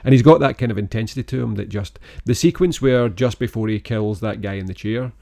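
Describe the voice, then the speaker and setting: A man co-hosting a podcast, chatting about a film in a relaxed, rambling, enthusiastic way. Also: lowish voice, brisk, vocal fry. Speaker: podcast co-host. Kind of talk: casual film-review chat.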